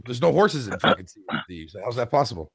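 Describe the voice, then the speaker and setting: A man's voice: medium pitch, very animated, quick pace, gravelly, a bit bright, breathy edge, dry recording. A man from Canada on a gaming podcast panel, joking and swearing a lot.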